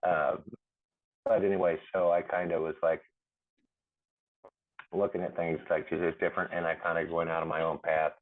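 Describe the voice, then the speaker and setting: A man's voice: low voice, little pitch movement, moderate pace, pauses often. A middle-aged man, a podcast guest, telling his near-death story in a rambling way, with many fillers and restarts and laughs between lines. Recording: tinny phone-like line.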